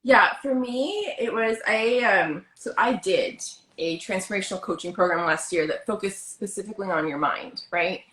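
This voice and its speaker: A woman's voice: medium pitch, normal speed, hardly any pauses, a bit bright. Chatty host woman in a roomy space. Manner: chatty, many "like" fillers, upbeat. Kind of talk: casual video chat. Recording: roomy echo.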